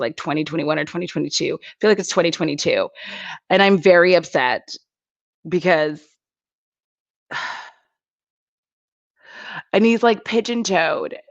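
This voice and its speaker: A woman's voice: on the low side, no room sound, dull audio. A woman chatting casually with her viewers on a live stream, rambling and giggling between thoughts. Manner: giggly, rambling, lots of fillers. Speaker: YouTuber chatting with live chat.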